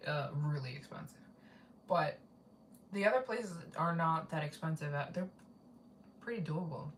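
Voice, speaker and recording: Woman, travel vlogger, rambling live-stream host, lowish voice, roomy room sound. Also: moderate pace, distant mic, slight background noise. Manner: rambling, repeats herself, reads out donations. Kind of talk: casual live-stream chat.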